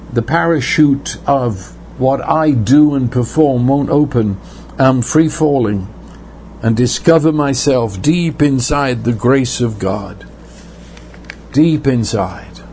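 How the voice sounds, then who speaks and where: A man preaching a sermon in an earnest way, repeating words and slowing down for emphasis. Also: mid-range voice, dark tone, a little hiss or hum.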